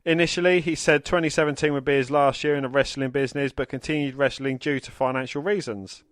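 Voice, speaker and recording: A man's voice: medium pitch, steady tone, fast, no echo. A man co-hosting a podcast, reading out news items plainly and swearing freely when he chats. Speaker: podcast co-host.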